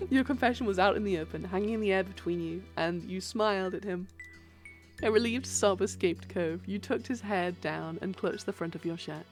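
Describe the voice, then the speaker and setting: A woman streamer reading a dating game aloud and reacting, excitable, squealing and laughing often. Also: mid-range voice, normal speed, soft background music. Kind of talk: live game read-along and commentary.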